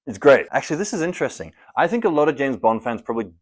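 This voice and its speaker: A man's voice: medium pitch, sing-song, very fast. Young man, mid-range voice, casual rambling vlog reviewer who hams up the countdown numbers. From Scotland. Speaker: film reviewer. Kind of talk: casual movie-ranking vlog.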